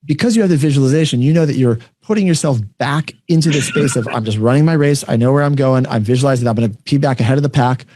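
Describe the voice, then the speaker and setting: A man's voice: medium pitch, dark tone. A man hosting a podcast interview, explaining ideas with concrete examples and often checking in with "right?". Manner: brisk, explanatory, frequent "right?" check-ins. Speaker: podcast host. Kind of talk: conversational interview.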